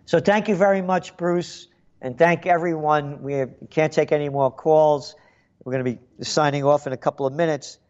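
A man's voice: fairly high pitch, fairly even intonation, normal speed, a little mellow, dull audio. Rambling older New man, sarcastic. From the Bronx, New York. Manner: rambling, sarcastic, repeats words. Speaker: radio talk show host. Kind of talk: call-in radio monologue.

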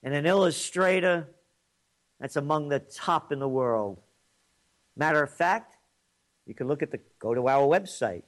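Ranting New commentator, high lively voice, slow, mocking delivery. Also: male voice. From New York. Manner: combative, sarcastic, mocking. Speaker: commentator and host. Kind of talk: ranting political monologue.

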